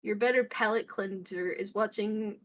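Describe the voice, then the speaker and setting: A woman from Michigan, a guest on a stream, chatting in a silly, animated way with frequent laughter and swearing. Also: medium pitch, moderate pace. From Michigan, USA. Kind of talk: casual stream chat.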